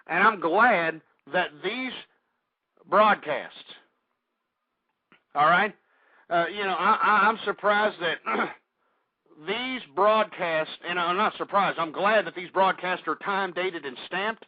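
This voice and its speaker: An older man hosting a political talk radio show, ranting and swinging up into furious shouting, peppered with "folks" and "I mean". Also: sits high, measured pace, no echo. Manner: repeats "folks" and "I mean" constantly. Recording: tinny, dry phone-like line.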